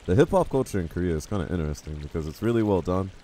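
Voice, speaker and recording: A man's voice: low-pitched, animated, racing, warm tone, faint music behind. A man streaming a game live, chatting casually and answering his chat as he plays. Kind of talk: live gameplay commentary.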